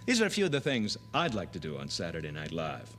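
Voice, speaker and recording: A man at a comedy audition, casually and playfully pitching his ideas to camera, with hesitant fillers between bits. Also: huge pitch swings, fast, a bit bright, slight background noise.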